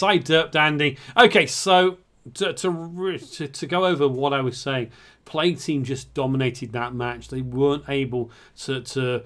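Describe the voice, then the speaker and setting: A man hosts a live stream of an online tank match. His voice sits a little high. He talks in a flustered, self-mocking way and apologizes often. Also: fairly bright tone. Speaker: esports caster and streamer. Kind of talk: live game commentary.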